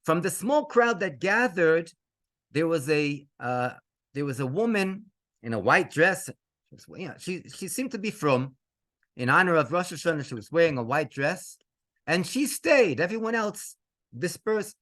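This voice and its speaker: Playing a rabbi, a man tells a story to an audience in a slightly high voice that swings widely up and down. His pace is measured but his emotion is lively, and he sprinkles in Hebrew phrases and chuckles between lines.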